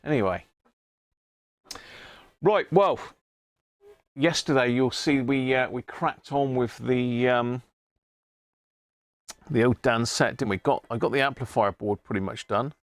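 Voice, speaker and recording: A man hosts a relaxed live stream, chatting and bantering with viewers by name. His voice is gravelly with a touch of fry, at an ordinary middle pitch. The sound is dry and close, with no room echo. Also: measured pace, long pauses. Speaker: radio restoration live streamer. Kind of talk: casual live-stream chat.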